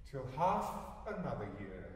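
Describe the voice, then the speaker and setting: A man in his sixties narrating a poem with an expressive, theatrical delivery, recorded live in a concert hall from afar. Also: mid-range voice, unhurried, distant mic. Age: 60s. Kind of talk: dramatic poetry recitation.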